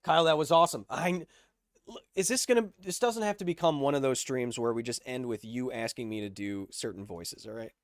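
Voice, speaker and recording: Brisk and medium-pitched, the male host of this livestream breezes through casual science explanations while reading chat aloud and cracking jokes. The sound is studio quality with no room sound.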